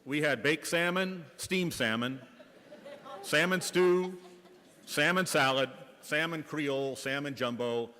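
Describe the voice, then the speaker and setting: A man's voice: on the high side, slow pace, pushed and bright. A man from the Bay Area, a school principal, telling wry anecdotes with light comic timing during a reflection in church. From Bay Area, California. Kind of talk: humorous storytelling reflection in church. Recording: reverberant church hall.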